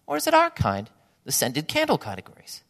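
A man preaching a sermon, animated and acting out imagined voices of his listeners. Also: fairly high pitch, moderate pace, creaky, long reverb tail. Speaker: pastor.

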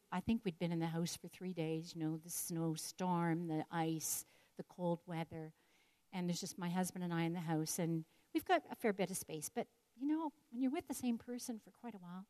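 Her voice is fairly low and warm as this older woman tells a reflective personal story in a devotional talk.

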